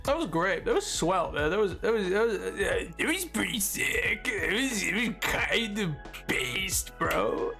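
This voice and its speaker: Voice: medium pitch, sing-song, measured pace, gravelly, hardly any pauses, pushed and bright, soft background music. A game streamer chatting live with viewers, giggling and breaking into laughing fits between lines. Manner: talking to chat.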